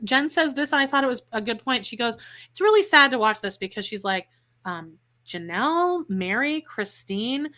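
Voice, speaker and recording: Bright, sarcastic woman podcast co-host. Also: fairly high pitch. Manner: sarcastic, laughs often, acts out quotes. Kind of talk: casual recap chat.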